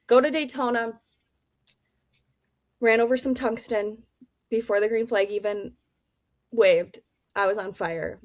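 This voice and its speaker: Blunt, animated young woman race driver. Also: a little high, no echo. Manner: blunt, animated, swears freely, acts out dialogue. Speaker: race car driver, interview guest. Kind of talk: candid casual storytelling.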